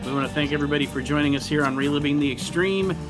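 Jokey podcast host, slightly high voice. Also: male voice, rapid-fire, over music. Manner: jokey, leads questions and sign-off. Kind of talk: casual chat.

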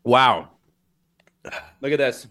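A man hosting a casual chat while tasting hot sauce, whooping loudly at the heat, his nose running. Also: medium pitch, animated, extremely slow. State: nose running from spicy food. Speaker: host.

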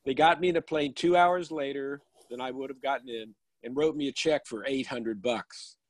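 A man's voice: medium pitch, normal speed, no echo, poor audio. Man telling a dry-humored anecdote. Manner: dry punchline delivery. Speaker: professional speaker. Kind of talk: storytelling anecdote. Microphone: phone or video call.

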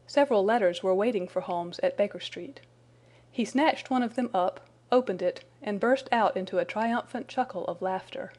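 A woman narrates a classic detective story with a mid-pitched voice. Her delivery is measured and even, in the manner of a scripted audiobook reading.

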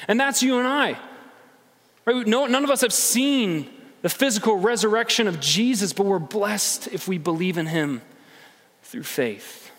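Lively high-voiced preacher in reverb. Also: male voice, a little slow. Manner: conversational, animated, acts out inner voices. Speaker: pastor. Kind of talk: sermon.

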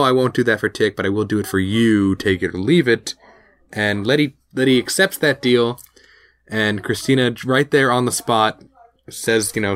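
Low-voiced man recapping a show. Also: a bit bright, no room sound. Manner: rambling, full of fillers and restarts. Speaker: podcast co-host. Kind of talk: casual recap chat.

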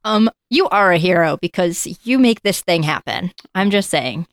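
A woman's voice: lowish voice, animated, normal speed, smooth. A woman co-hosting a podcast in casual chat, playful and teasing. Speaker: podcast co-host.

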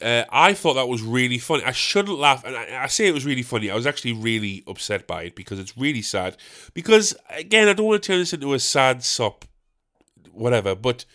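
A man's voice: medium pitch, a bit bright. Rambling, sweary man. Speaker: podcast host and stand-up comedian. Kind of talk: rambling solo podcast chat.

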